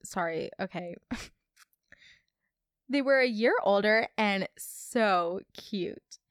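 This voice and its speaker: A young woman hosting a casual storytime podcast, chatty and expressive, reading listener stories aloud. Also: medium pitch, slow pace, smooth, dry recording, clean studio sound. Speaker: podcast host.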